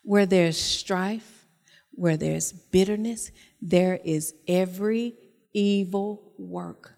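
A woman's voice: on the low side, fairly even intonation, takes it slowly, gravelly, warm tone, long reverb tail. A woman preaching a sermon in a church, talking to the congregation and repeating her phrases. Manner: conversational preaching, repeats phrases, tells personal stories.

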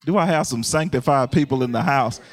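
A male preacher, speaking slightly quickly, leads a call-and-response sermon full of laughter. His hallelujahs ring out as his voice rises in both pitch and loudness.

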